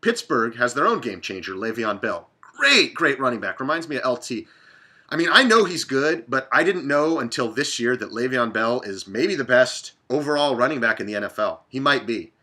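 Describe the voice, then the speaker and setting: A man in his thirties hosting his own sports betting show, talking off the cuff. He sounds blunt and profane, and his voice has a sharp, bright edge as he rambles from game to game. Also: medium pitch, lively intonation, moderate pace. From Dallas, Texas. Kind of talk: casual sports talk monologue.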